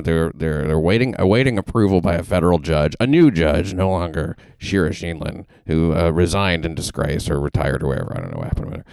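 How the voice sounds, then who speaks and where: A very low, gravelly male voice with a smooth, resonant tone, heard close and dry. He is a host from the American South, chatting casually and delivering deadpan jokes through halting restarts. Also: dry recording. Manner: deadpan, jokey, stumbling restarts. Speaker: podcast host. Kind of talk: casual comedic chat.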